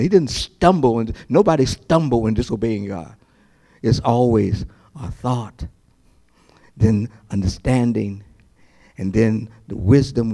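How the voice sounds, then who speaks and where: Male pastor, mellow sound, mid pitch, loose conversational sermon delivery. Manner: conversational preaching with many restarts and acted-out asides.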